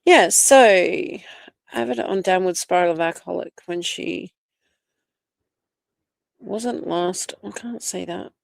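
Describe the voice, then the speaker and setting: With a low, creaky voice and no room sound, an Australian-accented woman from Australia whose first language is Italian chats to viewers on a casual livestream. She reads comments, greets people by name and wanders between topics in a chatty way.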